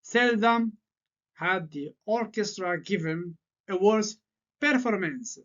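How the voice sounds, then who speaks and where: A man whose first language is French, teaching an English grammar lesson and laying out word-order patterns slowly and deliberately. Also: sits high, animated, a bit bright. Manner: slow, deliberate explaining with repeated patterns. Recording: slightly dull lo-fi sound.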